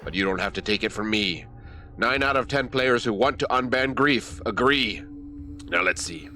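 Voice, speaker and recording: A man voicing a scheming, smug male forest overlord spirit in a slow, mock-sinister comedic monologue. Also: medium pitch, expressive, loud music behind the voice, lightly acted. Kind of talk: comedic sponsor-style skit.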